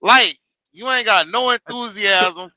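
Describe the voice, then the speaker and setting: A man with a high-pitched, strikingly bright voice co-hosts a casual sports reaction chat. He recounts plays in animated, slangy talk. The mic is close and dry. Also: slow pace, dry recording.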